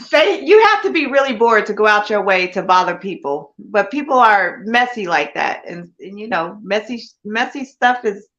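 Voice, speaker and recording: A woman's voice: mid-range voice, expressive, moderate pace, fairly bright tone, dull audio. A woman hosting a casual live interview, laughing often and asking rambling questions.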